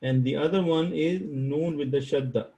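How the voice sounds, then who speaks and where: Man, grammar teacher, online class, patient, repeats terms, slightly high voice. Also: normal speed, warm tone, poor audio. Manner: patient, repeats key terms and quizzes students. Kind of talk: live online class lecture.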